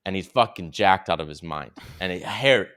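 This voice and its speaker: A man's voice: deep voice, lively intonation, normal speed, a bit bright, clear, resonant tone. A young man hosting a podcast, telling a travel story in a rambling, casual way, swearing freely and saying "dude" a lot. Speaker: podcast co-host.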